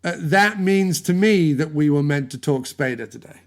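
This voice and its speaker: This podcast host has a voice on the high side with lively intonation and a moderate pace. Chatting casually into his podcast mic, he jokes around and rambles from tangent to tangent.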